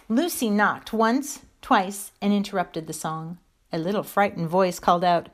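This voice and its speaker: A woman's voice: mid-range voice, measured pace. Woman reading a children's story aloud. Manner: gentle, expressive storytelling.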